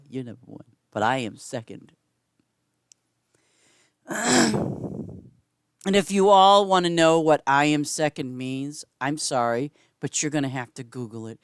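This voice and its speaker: A woman game streamer chatting casually with her viewers while she plays, rambling and swinging between loud greetings and quiet asides. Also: measured pace, no room sound, clean studio sound. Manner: chatty, rambling, repeats "I'm just saying"; lively swings in pitch and loudness, sometimes whispering. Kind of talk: casual gameplay chat with viewers.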